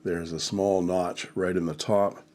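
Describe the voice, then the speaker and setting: A man with a congested, nasal voice hosting a calm, detailed pen review. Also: deep voice, measured pace. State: nasal from illness. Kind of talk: scripted product review narration.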